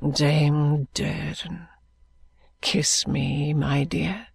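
A woman plays a frail young man near death, in a storybook reading. His voice is weak, low and breathy, sinking into whispers, and it sounds dry and close. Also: fairly even intonation, drawn-out words, dry recording, heavily acted.

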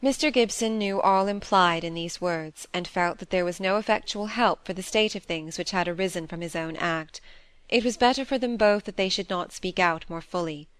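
Brief: steady female audiobook narrator, lowish voice, close and dry. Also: moderate pace, clear, resonant tone, dry recording. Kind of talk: scripted narration of a classic novel.

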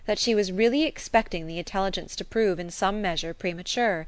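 A woman reading a classic novel aloud as narrator, measured and expressive. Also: medium pitch, no room sound. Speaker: audiobook narrator. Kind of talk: scripted narration.

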